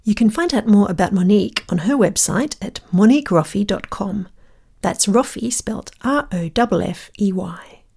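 A woman announcer reading a podcast outro script in a measured, formal way. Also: mid-range voice, animated, gravelly, a little mellow, breathy edge.

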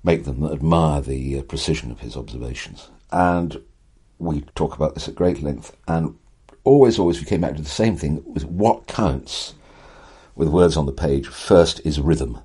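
An older man with an exceptionally deep, husky, dark voice appears as an interview guest, telling stories in an animated, conversational way. His sentences are eloquent, wry and theatrical, reaching for vivid phrasing, and his moderate pacing relies on rhythm and emphasis.

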